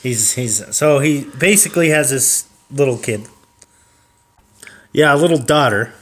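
A man's voice: mid-range voice, a little slow. A man chatting casually about a comedy character, laughing often and acting out bits of dialogue. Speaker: co-creator describing a character. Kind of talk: casual chat.

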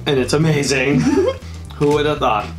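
Deep-voiced woman hosting a snack taste test, upbeat, laughs a lot, echoey room. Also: wildly swooping pitch, unhurried. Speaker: host. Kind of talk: casual taste-test chat. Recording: echoey room with faint music.

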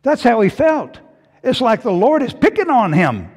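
Male pastor, sermon, high voice, hall reverb. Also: normal speed. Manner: expressive preaching, voicing the Bible's questions in a hushed, pleading tone.

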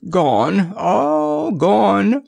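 A solemn, motherly hippopotamus in a storybook tale, as a man puts her on, her words lifting high and swooping low with a gravelly edge. She speaks calmly and gravely, close and dry. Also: a little slow, no room sound, heavily acted. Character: gentle wise female hippopotamus.

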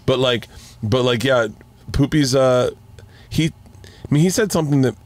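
Animated storytelling man, chatty guest. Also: medium pitch. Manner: animated storyteller, frequent restarts and swearing. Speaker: podcast guest, comedian. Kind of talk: casual chat.

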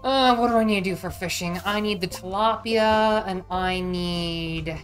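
A woman's voice: mid-range voice, normal speed, soft background music. A woman streamer chatting casually and thinking aloud as she plays a game. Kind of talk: casual gameplay chat.

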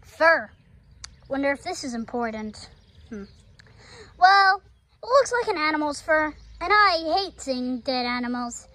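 A playful cat monster toy with glitch powers chats and wonders aloud, voiced by a woman. The voice sits high and bounces around with lively pitch. It takes its time, musing through each test. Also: unhurried, long pauses, heavily acted, low-quality recording. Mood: curious. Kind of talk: toy movie voice acting.

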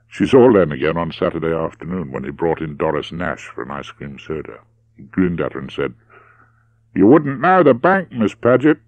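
A man narrating a novel audiobook in a steady, measured way. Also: very deep voice, no echo. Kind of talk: scripted narration.

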